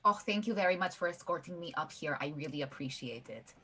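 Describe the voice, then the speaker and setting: A woman's voice: low voice, animated, quick pace, sharp tone, a little hiss or hum, voice pushed down. Woman doing a stilted fake-accent diplomat. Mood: polite. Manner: stilted, overly polite put-on accent. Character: young woman diplomat with a made-up foreign accent.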